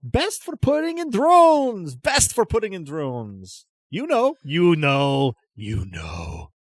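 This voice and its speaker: A game master voicing an eccentric, loud male market hawker with shrill, sing-song sales patter. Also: wildly swooping pitch, takes it slowly, dry recording, studio quality, full character voice. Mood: pushy.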